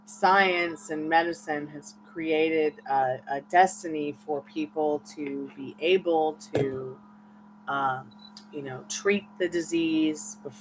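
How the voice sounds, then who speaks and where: A woman's voice: sits low, steady tone, slow, noisy background. A tired woman hosting a tarot livestream, telling a long personal story in a candid, rambling way with frequent laughs. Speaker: tarot reader and livestream host. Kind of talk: casual livestream chat.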